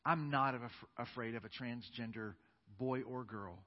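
A man's voice: mid-range voice, measured pace. A man preaching a sermon as pastor in a church sanctuary, earnest and emphatic, building his points up with force. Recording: dull sound with long church-hall reverb.

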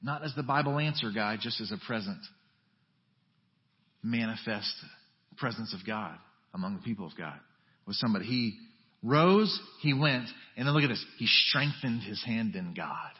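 A male pastor preaching a sermon in a conversational way, dropping to a hush and then rising to emphatic, urgent lines. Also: on the low side, expressive, moderate pace. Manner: conversational preaching with wide swings from hushed to emphatic. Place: church sanctuary. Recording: dull audio with long church reverb.

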